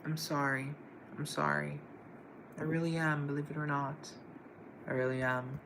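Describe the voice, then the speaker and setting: A man's voice: on the high side, level tone, normal speed, creaky, background noise. A man hosting a live stream in a casual, chatty way, greeting viewers by name and answering their comments.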